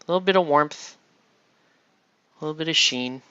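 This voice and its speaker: Slightly high and smooth, this man's voice is bright and forceful at a moderate pace. He hosts a laid-back miniature painting tutorial, chatting and rambling while he paints and checking in with "right?". The recording is dry, dull and lo-fi.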